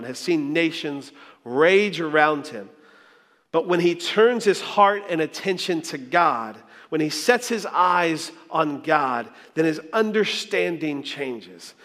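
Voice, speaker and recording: A man's voice: on the high side, fairly bright tone. A man preaching a sermon as a pastor, earnest and reflective, telling stories with small restarts. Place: church sanctuary. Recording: long hall reverb.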